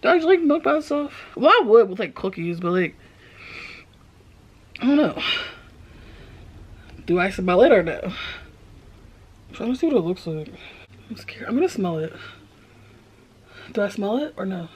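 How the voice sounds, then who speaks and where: A woman's voice: medium pitch, big pitch swings, unhurried, long pauses, breathy edge. A woman vlogging casually to camera, dramatic and squeamish in manner. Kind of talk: casual vlog chat to camera.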